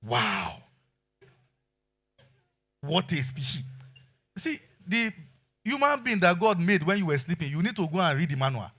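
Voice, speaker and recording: A middle-aged man with a Nigerian accent preaching a sermon, shifting between quiet asides and loud exclamations. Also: sits high, animated, brisk. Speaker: pastor.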